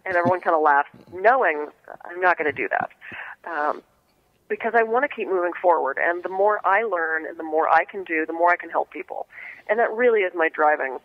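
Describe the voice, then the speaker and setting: A woman's voice: fairly low pitch, brisk, no room sound, phone-quality sound. A woman from Pittsburgh with a trained neutral American accent, a guest in a radio interview who talks with enthusiasm and laughs often. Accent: none, trained neutral American. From Pittsburgh, USA. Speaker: guest, alternative medicine practitioner.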